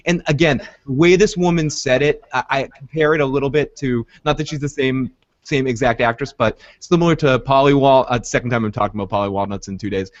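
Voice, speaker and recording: A man hosting a casual TV recap chat, retelling scenes with animated energy. His voice sits at a middle pitch. The audio is dry and a little dull. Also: no echo. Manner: animated retelling, acts out lines in funny voices. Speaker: podcast host.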